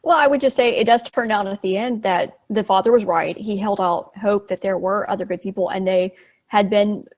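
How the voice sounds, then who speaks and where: A woman co-hosting a podcast, giving thoughtful, halting comments on a book. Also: mid-range voice, darkish tone, lo-fi sound. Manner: thoughtful, halting, with frequent affirming murmurs. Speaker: podcast co-host. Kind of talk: casual book discussion.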